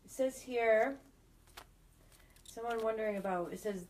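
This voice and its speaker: A woman reading out viewer questions and names in a plain, steady voice, sometimes stumbling over unusual names. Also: on the high side, unhurried, poor audio. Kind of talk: reading out comments.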